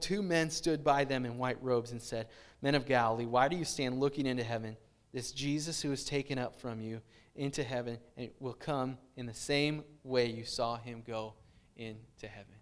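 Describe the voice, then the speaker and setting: Conversational man preaching a sermon. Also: a little high. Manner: animated, conversational preaching with frequent restarts. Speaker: pastor.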